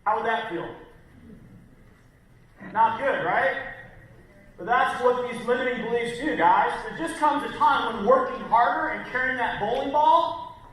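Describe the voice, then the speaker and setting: A man giving an energetic, punchy motivational talk on stage, speaking directly to the crowd in a large hall. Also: very high-pitched, unhurried, pauses often. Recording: echoey hall from far off, faint noise.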